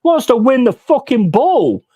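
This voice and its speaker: A man reacting live to a football match and ranting at the referee. He swears constantly. His voice swings widely in pitch as he rages. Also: very animated, measured pace, warm tone, dull audio. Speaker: watch-along host.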